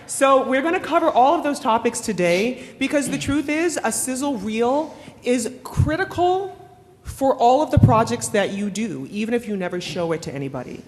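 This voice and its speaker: A woman's voice: fairly high pitch, animated, normal speed. A woman moderating a panel at a conference, upbeat and playful. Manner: upbeat, playful, self-described geek. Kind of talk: lively panel presentation. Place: conference hall with audience. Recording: reverberant hall, crowd noise.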